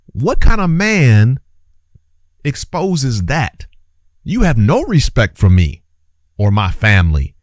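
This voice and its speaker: Speaking slowly with long pauses and huge pitch swings, a medium-pitched male commentator hosts an impassioned opinion monologue with no room sound. He's urgent and exclaiming, preachy in tone, repeating phrases for emphasis and calling listeners brothers and sisters.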